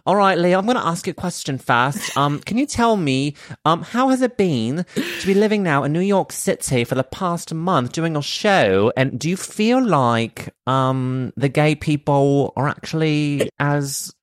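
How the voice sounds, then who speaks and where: A man putting on a British accent, asking questions in a playful, drawn-out way. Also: fairly high pitch, lively intonation, no echo, clean studio sound, voice pushed up. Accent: put-on British.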